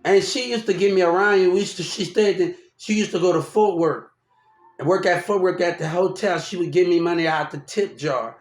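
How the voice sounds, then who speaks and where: Man, high voice, loud rambling storyteller, echoey room, casual vlog. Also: brisk, soft background music. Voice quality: loud, animated, laughs often while talking. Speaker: vlogger telling a personal story.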